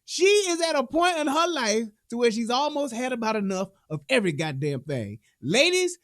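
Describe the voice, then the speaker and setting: A woman in giving a profane, comedic reaction, telling the story with animated asides and laughter. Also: fairly high pitch, normal speed, no room sound, studio quality. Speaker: reaction commentator.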